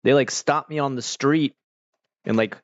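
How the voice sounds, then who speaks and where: An Australian man streaming, telling stories in a loose, rambling way, full of "like" and quick restarts. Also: medium pitch, muffled recording. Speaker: livestreamer. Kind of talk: casual chat.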